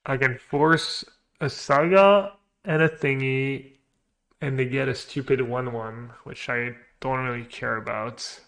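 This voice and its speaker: Male streamer, mid pitch, mutters his plays aloud and cracks jokes with chat. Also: steady tone, slow. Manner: muttering, trailing off quietly; joking banter with chat. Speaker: streamer playing a card game. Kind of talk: thinking aloud while playing.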